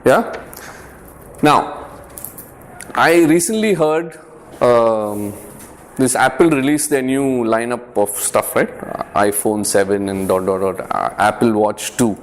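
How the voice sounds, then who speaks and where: A man's voice: medium pitch, takes it slowly, slight background noise. A man giving an informal faith talk to a youth group, earnest and conversational, often repeating words and checking in with the room. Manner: conversational, earnest, lightly humorous.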